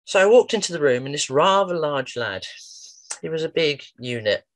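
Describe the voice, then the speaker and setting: A man's voice: fairly high pitch, animated, normal speed, a bit bright, no room sound. A man giving an informal talk about his work with children and adults, chatty and fond of acting out quotes. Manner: chatty storyteller, acts out quotes. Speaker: wellbeing practitioner. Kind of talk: informal promotional talk with anecdotes.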